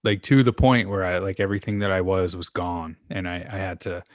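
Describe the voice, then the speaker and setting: A man with a very low, deep voice, telling candid personal stories in relaxed podcast conversation. His voice sounds dry and close to the mic. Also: brisk, no room sound. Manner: candid, storytelling. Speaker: podcast co-host. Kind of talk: casual conversation.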